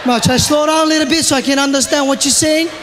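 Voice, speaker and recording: A man with a Hawaiian Pidgin-tinged accent doing loud, animated live stand-up in a large theatre. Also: extremely high pitch, fast, in a large hall. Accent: Hawaiian Pidgin-tinged English. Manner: loud, animated, shouting punchlines. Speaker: stand-up comedian. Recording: live theatre recording with audience noise.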